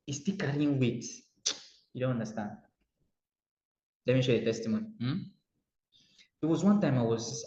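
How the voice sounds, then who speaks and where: A Nigerian man giving a motivational coaching talk, animated and repetitive, acting out little dialogues as he speaks. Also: fairly high pitch. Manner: animated, acts out dialogue, repeats phrases. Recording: roomy muffled recording.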